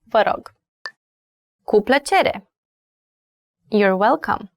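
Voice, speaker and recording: A Romanian-accented woman teaching a language lesson, saying words slowly and repeating them for learners. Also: medium pitch, animated, no echo, clean studio sound.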